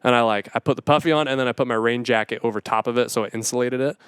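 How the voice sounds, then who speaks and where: A young man talks as a podcast guest, recounting a story in a loose, animated way with lots of fillers. His voice is smooth and clear, recorded dry and close. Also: medium pitch, rapid-fire, no echo. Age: young adult. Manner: animated, many fillers, acts out his own thoughts. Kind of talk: casual storytelling.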